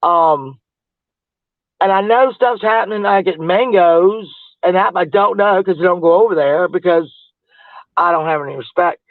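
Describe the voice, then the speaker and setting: A woman's voice: lowish voice, moderate pace, dry recording. A woman livestreaming, chatting casually with viewers in a gossipy, rambling way and laughing often. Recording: tinny phone-like audio, dry.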